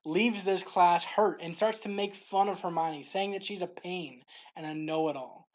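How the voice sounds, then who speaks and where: A woman hosts a faith series and reads her devotional narration from a script. Her voice sits a little low, and she keeps her delivery clear and steady throughout. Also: moderate pace, a loud crowd.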